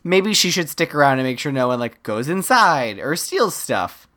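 A podcast co-host with a medium-pitched voice, animatedly walking through a film's plot in a casual, chatty way. This speaker laughs easily and drops dry, wry asides between scenes. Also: very animated, moderate pace, pushed and bright. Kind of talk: casual chat recapping a film.

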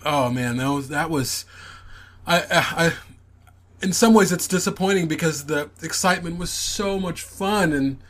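Excitable man hosting a podcast. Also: fairly high pitch, moderate pace. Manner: enthusiastic, excitable fan, many hesitations. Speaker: podcast host. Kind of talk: casual chat.

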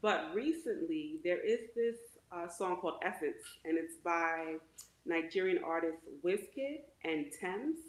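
A woman's voice: lowish voice, animated, unhurried. Chatty woman in an echoey room. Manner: chatty, full of "like" and fillers. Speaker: co-host. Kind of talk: casual podcast chat.

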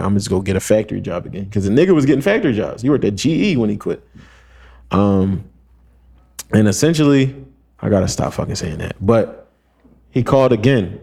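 A man's voice: on the low side, creaky, mellow. A young man on a podcast, telling a long story in casual slang, acting out quotes and using lots of fillers. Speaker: podcast co-host.

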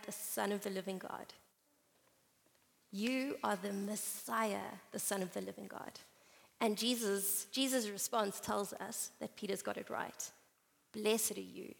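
At a conference, a woman with a gravelly, medium-pitched voice preaches a sermon and reads from the Bible. She speaks conversationally, like a storyteller, with playful asides, and the recording carries the reverb of the hall.

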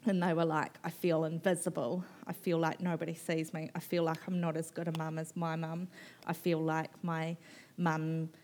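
A New woman with a somewhat low voice tells her story in a candid, conversational way. She is frank and animated, drops a casual swear word, laughs easily and fills her sentences with "like". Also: normal speed, a little hiss or hum. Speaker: author guest at a book festival. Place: live book festival stage.

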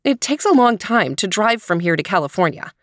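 A woman voicing a practical, skeptical mother in a storybook, slightly raised in pitch. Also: very animated, fairly quick, dry recording, studio quality, lightly acted. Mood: doubtful. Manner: skeptical, exasperated. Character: practical, doubtful mom.

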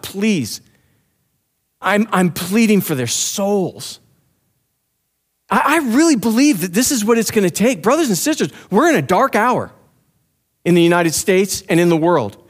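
A man preaching with a high, passionate voice, pressing his listeners hard. He pleads and urges as he speaks. When he prays aloud, his voice sinks low and soft. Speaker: pastor. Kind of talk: sermon.

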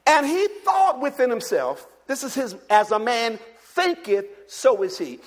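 A male pastor preaching a sermon, telling a chatty story full of restarts and rising to shouted calls for the congregation to repeat. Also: very high voice, big pitch swings, measured pace, few pauses. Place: church. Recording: long hall reverb.

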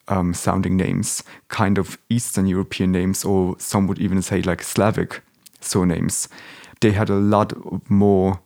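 Low-voiced man, hesitant and searching. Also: gravelly, darkish tone. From Germany. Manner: hesitant, searching for words, many restarts. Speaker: interview guest. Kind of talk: casual interview conversation.

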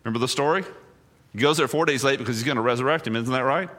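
A man, a pastor, preaching a sermon full of rhetorical questions, swinging between hushed, low passages and emphatic, raised ones. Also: rapid-fire.

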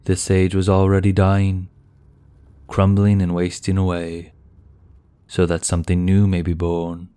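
A man's voice: sits low, completely flat delivery, unhurried, pauses often, dark tone, smooth, dry recording. A man voicing a weary, grieving knight in a fantasy audiobook, speaking with earnest emphasis.

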